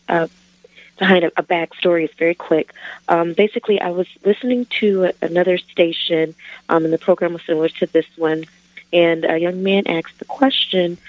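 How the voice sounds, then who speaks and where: A woman's voice: on the low side, no room sound. A woman calling into a radio program, asking a question hesitantly with many fillers. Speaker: caller. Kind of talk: phone-in question. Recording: dull phone-line audio.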